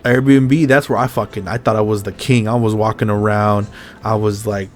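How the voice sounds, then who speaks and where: A man's voice: fairly low pitch, steady tone, moderate pace, faint music behind. A man hosting a podcast in casual chat, ranting bluntly and swearing often. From Mexico's Baja California border region. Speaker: podcast host.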